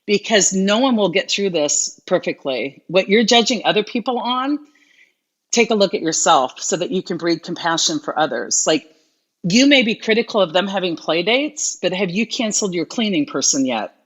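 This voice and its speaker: A woman's voice: mid-range voice, lively intonation, normal speed, breathy edge, lo-fi sound. A middle-aged woman hosting a live stream, reading viewer questions and coaching in an earnest, encouraging way. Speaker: host.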